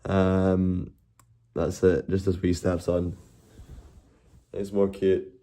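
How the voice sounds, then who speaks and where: A man's voice: low voice, little pitch movement, takes it slowly, warm tone. A man chatting casually and rambling on a live stream, laughing and swearing as he goes.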